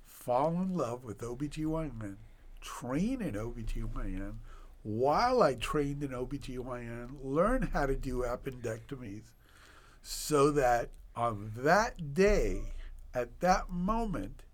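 A man in his sixties, a physician guest on a podcast, telling stories with animated delivery and sound effects. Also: mid-range voice, takes it slowly. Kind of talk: podcast storytelling.

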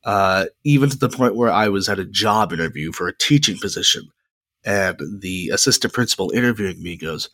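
Rambling young man with a low voice. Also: sharp tone, no room sound, clean studio sound. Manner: chatty and rambling, with frequent pauses. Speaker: podcast host. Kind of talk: casual solo podcast monologue. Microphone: close podcast mic.

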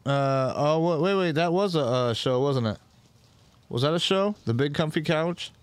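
A man's voice: fairly high pitch, normal speed, clear, resonant tone, no room sound. A man co-hosting a casual podcast, brash and foul-mouthed, telling stories with energy. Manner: brash, swears a lot, animated storyteller. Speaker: podcast co-host. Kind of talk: casual chat.

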